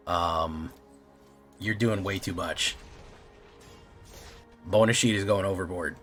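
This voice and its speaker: A man's voice: low voice, fairly even intonation, slow, long pauses, fairly bright tone, soft background music. A man streaming a card game, chatting casually, rambling and joking with some swearing. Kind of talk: casual gameplay commentary.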